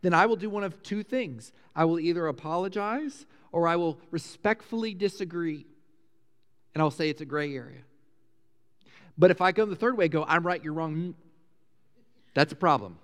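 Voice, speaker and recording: A middle-aged pastor delivers a sermon in a conversational, animated way, climbing loud and high when he gets excited. His voice sits a little high for a man. The sound carries a long reverb from the church hall. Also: moderate pace.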